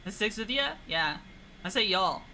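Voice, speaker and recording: A woman's voice: mid-range voice, lively intonation, normal speed, pushed and bright, slight background noise, poor audio. A young woman streaming a flight game, chatting casually and teasing her chat in a playful way.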